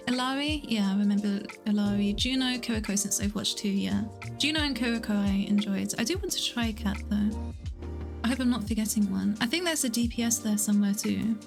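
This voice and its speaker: A woman's voice: medium pitch, creaky. A young woman chatting casually on a livestream, reading viewers' messages aloud and answering them. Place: at home.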